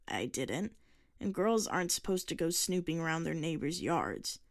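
A woman's voice: low voice, big pitch swings, moderate pace, vocal fry, dry recording, clean studio sound, exaggerated voice. A woman voicing a grumpy, frail old man who speaks curtly and weakly. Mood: gruff, curt. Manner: curt, weak and coughing.

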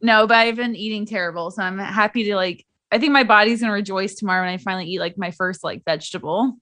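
A young woman chatting with a friend in an easygoing way, often laughing. Her voice is bright and sharp and sits at a middle pitch. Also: fast. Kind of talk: casual chat.

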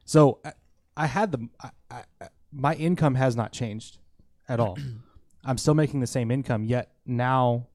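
A man's voice: mid-range voice, measured pace, darkish tone, no room sound, studio quality. A man co-hosting a casual faith talk, thoughtful and hesitant, with many ums. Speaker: podcast co-host.

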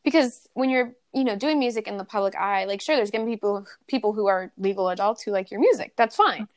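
A woman's voice: mid-range voice, fast talker, no echo, clean studio sound. A young adult woman guesting on a podcast, telling a personal story in a candid, profane way, full of "like" and "you know". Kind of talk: casual podcast chat.

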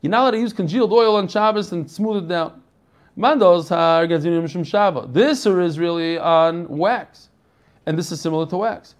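This Talmud teacher from the United States has a high-pitched voice and keeps a moderate pace. After singing out the Aramaic passage, he explains it to his class in casual English, full of friendly side comments.

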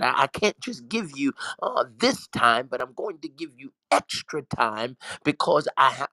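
A man's voice: mid-range voice, pushed and bright, dry recording, rough recording. A man, a pastor preaching fervently, breaking into tongues and stammering repeats as he builds. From Southern US. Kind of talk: fervent preaching on a talk show.

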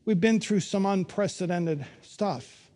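A middle-aged man preaching a sermon, telling stories with wry humor and emphatic pauses. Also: high-pitched, warm tone. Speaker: pastor.

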